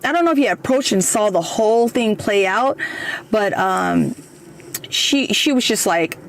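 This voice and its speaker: A woman's voice: medium pitch, lively intonation, a little slow, vocal fry. A woman in her thirties telling a personal story in a casual, hesitant way, with many fillers, and she acts out the quoted lines. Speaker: guest storyteller.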